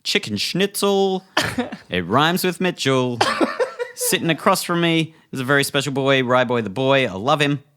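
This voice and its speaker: A man's voice: mid-range voice, normal speed, clean tone. A man, hosting a comedy podcast and telling a silly story in a playful way. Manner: playful, lively, slips into silly put-on voices. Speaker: podcast co-host.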